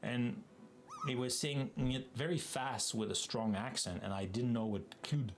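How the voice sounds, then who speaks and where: Hosting a live coding stream, this French Canadian man, whose first language is French, talks casually and rambles through side comments. He speaks at a medium pitch in a steady tone, a little slowly, over a faint hiss or hum.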